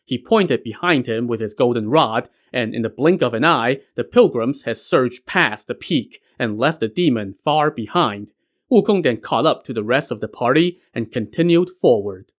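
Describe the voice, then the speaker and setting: A man's voice: medium pitch, animated, moderate pace, highs cut off. A man narrating a classic legend as a podcast host, with casual joking asides. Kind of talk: scripted story narration.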